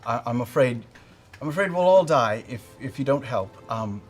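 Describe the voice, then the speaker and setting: A man's voice: mid-range voice, expressive, moderate pace, husky, soft background music. A man playing an anxious middle-aged gnome father in a tabletop role-play, earnest and stammering. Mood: pleading.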